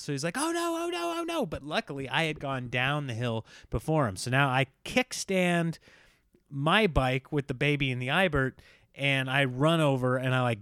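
A man in his thirties telling a family story in a casual, animated way, with jumps up in pitch when he quotes his kids. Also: clean tone, no room sound, studio quality. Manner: animated, voices his kids in high squeals.

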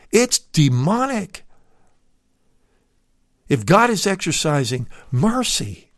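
A man's voice: fairly high pitch, dry recording, clean studio sound. A man preaching a recorded sermon to his listeners, calling them dear friend and leaning hard on key words. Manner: emphatic, swells on key words. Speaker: radio preacher.

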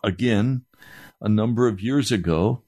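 Slow, earnest preaching man. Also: on the low side, warm tone, breathy edge. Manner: slow, earnest, emphatic delivery with repeated phrases. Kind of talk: sermon.

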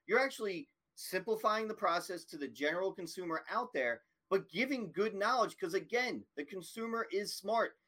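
A man's voice: high voice, animated, normal speed, few pauses, a bit bright. A man hosting a casual podcast conversation, talking in an enthusiastic, affirming way. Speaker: podcast host.

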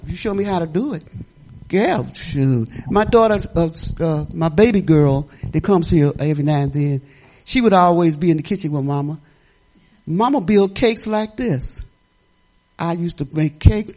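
A woman's voice: fairly low pitch, lively intonation, moderate pace, a little mellow. An older woman pastor preaching in a chatty, rambling, folksy way, often laughing as she tells stories. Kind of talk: folksy sermon storytelling.

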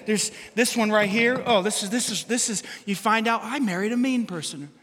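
A man preaching a sermon as pastor, animated and humorous, acting out quotes from everyday life. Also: high voice, normal speed, long reverb tail, noisy background.

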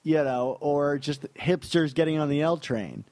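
A man from New York co-hosting a podcast, talking casually and enthusiastically about comics, laughing often and filling pauses with "like". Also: fairly high pitch, a little mellow, dry recording. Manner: enthusiastic, laughs easily, many fillers. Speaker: podcast co-host.

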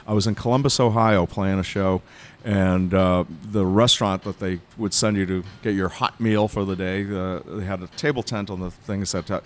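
A middle-aged man from Massachusetts telling lively stories in a casual chat, acting out the voices of the people he quotes. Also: low-pitched, fairly quick. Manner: animated storyteller, acts out voices in quotes. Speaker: bar consultant and guest.

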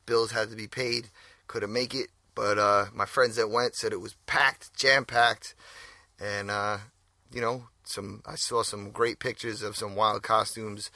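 Gravelly laid-back New man. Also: lowish voice, level tone, unhurried, sharp tone, dry recording. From New York. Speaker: podcast co-host. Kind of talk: casual chat.

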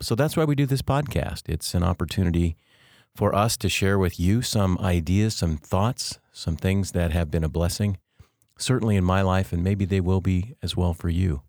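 A middle-aged man with a notably low voice hosts a faith podcast. He tells personal stories earnestly, with gentle humor and slow, weighted phrases. The sound is close and dry, with no room in it. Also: no room sound. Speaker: devotional podcast host. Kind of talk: faith-based storytelling podcast.

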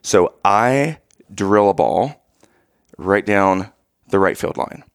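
Gravelly, lively man telling a story. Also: low-pitched, takes it slowly, dry recording, studio quality. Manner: animated, keeps checking in with "okay?" and "right?"; acts out quoted lines in raised voice. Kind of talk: casual chat, storytelling.

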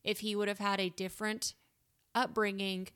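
A woman co-hosting a podcast in casual true-crime chat, blunt and quick to swear as she runs through a list of names. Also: medium pitch, little pitch movement, a bit bright, smooth. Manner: blunt, swears freely, lists names matter-of-factly. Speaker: podcast co-host.

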